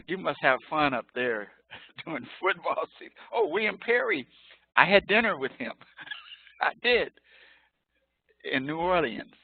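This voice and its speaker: Over a dry, tinny line resembling a phone, a Chicago professor in his sixties rambles through a joking, off-topic online lecture, laughing often. His voice is a little high and creaky, with no echo.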